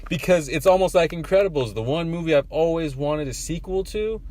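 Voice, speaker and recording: Excitable, animated man chatting about movies. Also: fairly high pitch, a little fast. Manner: excitable, profane, jumps between thoughts. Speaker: podcast co-host. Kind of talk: casual movie-review chat.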